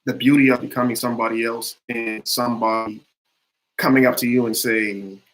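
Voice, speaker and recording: A man's voice: medium pitch, level tone, brisk, a bit bright, a little hiss or hum, rough recording. A man, an actor, talking earnestly about his roles in a casual interview, with many fillers and restarts. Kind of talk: conversational interview.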